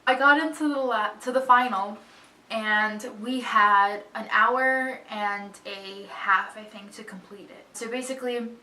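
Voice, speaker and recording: Young woman vlogger, bright, candid storyteller, slightly distant mic in a roomy space. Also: on the high side. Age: young adult. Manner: chatty, candid, expressive. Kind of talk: casual storytelling to camera. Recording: echoey room, voice a bit far from mic.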